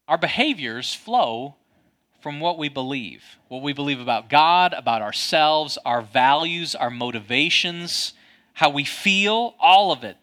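A man preaching a sermon, telling a personal story with a loud, booming voice. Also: expressive, a little slow. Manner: storytelling, dramatic, self-mocking. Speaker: pastor.

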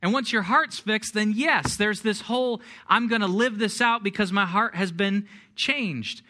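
A man's voice: high-pitched, unhurried, bright, forceful tone. A middle-aged man preaching a sermon, telling a personal story with self-deprecating humor before turning to scripture. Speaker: pastor.

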